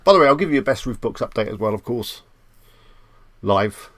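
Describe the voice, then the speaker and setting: Male live stream host, gravelly voice, dry close sound, relaxed and chatty, answers viewers as he goes. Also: fairly low pitch, brisk, dry recording. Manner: chatty, reads viewer comments aloud and answers them; jokey, self-amused asides. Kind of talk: casual live stream chat.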